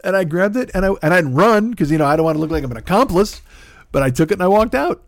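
A man's voice: on the high side, lively intonation, racing, dry recording, clean studio sound. A man hosting a podcast, telling a long story in a casual, rambling, profane way and mocking himself as he goes. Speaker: podcast host.

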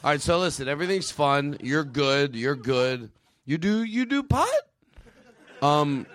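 A man's voice: on the high side, very animated, unhurried, fairly bright tone, slight background noise. A man hosting a live comedy show on a club stage, loose, profane and often laughing. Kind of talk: live stand-up banter on stage.

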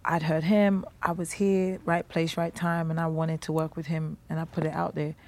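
A woman's voice: low voice, moderate pace. A woman with a West London accent, a guest singer and rapper chatting animatedly and laughing often in an interview. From United Kingdom. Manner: animated, laughs often, mimics others' voices. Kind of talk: casual interview chat.

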